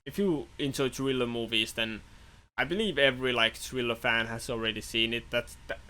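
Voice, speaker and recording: Podcast guy, bright sharp voice, excited and laughing a lot. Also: mid-range voice, brisk. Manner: chatty, laughs often, enthusiastic. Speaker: podcast co-host. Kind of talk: casual chat.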